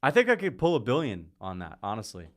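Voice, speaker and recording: A man's voice: mid-range voice, fast, slight background noise. Rambling male livestream host. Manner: rambling, jumps between topics; gets excited and louder at big moments. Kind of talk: casual livestream chat with fight commentary.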